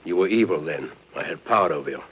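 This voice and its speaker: A low, husky devil, pompous and full of grand words, pleading and scolding by turns. The sound comes from a muffled old film soundtrack. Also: male voice, animated, fast. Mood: lecturing. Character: scheming male devil, pompous and wheedling. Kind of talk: 1940s film acting.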